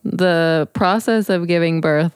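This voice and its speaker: A young woman hosting a podcast, speaking empathetically and explaining things in a relaxed, chatty way. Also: on the low side, takes it slowly, clear, resonant tone, no echo, studio quality. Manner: informative, empathetic, with small restarts. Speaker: podcast host. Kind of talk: casual chat.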